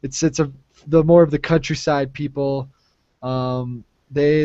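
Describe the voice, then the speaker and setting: A man's voice: medium pitch, little pitch movement, moderate pace, dark tone, no room sound. A man hosting a casual group conversation on a video call, speaking in a friendly, easygoing way with fillers and restarts. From Minnesota. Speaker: host of a language exchange call. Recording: muffled online call audio.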